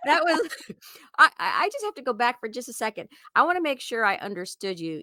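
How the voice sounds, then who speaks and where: Bright, playful woman co-host. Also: on the high side, animated, quick pace. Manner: playful, giggly. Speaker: podcast co-host. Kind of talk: casual podcast chat.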